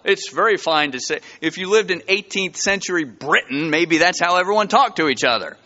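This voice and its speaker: A man preaching a sermon to his church, telling stories with lively, rising emphasis. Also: sits high, moderate pace, hardly any pauses, in a large hall, lo-fi sound. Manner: animated storytelling with rising emphasis. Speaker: pastor. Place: church sanctuary.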